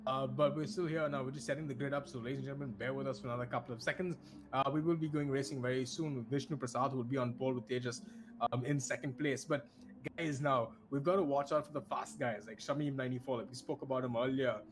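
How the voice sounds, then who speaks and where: Here an Indian man commentates a virtual race at a fast clip, his mid-range voice fairly even in intonation. He chats freely, restarts often, and breaks into laughter readily as the esports event unfolds.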